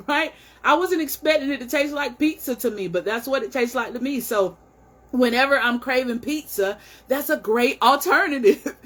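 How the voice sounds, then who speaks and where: A woman talks casually and encouragingly to her viewers, sharing her own weight loss journey. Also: fairly high pitch. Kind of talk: casual heartfelt vlog talk.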